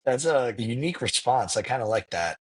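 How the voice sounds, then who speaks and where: A man's voice: mid-range voice, animated, husky, poor audio. A man hosting a casual sports podcast, steering the talk from topic to topic. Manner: runs the agenda, quick topic jumps. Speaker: podcast host.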